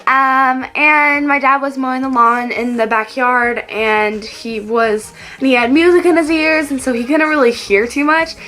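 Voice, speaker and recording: A woman's voice: high voice, steady tone, unhurried, few pauses, pushed and bright. A teenage girl from Texas chatting to the camera, telling childhood stories in a chatty, giggly way and acting out what she said as a kid. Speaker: vlogger. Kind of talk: casual storytelling to camera.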